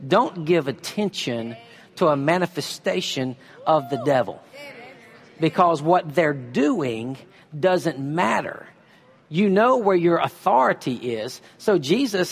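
A man preaching a sermon, reading scripture slowly and pressing his points with emphasis. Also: on the high side, gravelly, breathy edge, in a large hall. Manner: emphatic preaching, reads scripture slowly, uses a volunteer for a demonstration. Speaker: pastor.

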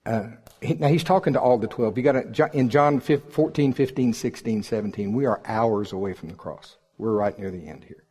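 A male preacher giving a sermon in a church service, animated and joking, swinging between loud and soft delivery. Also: on the low side, normal speed, slightly rough.

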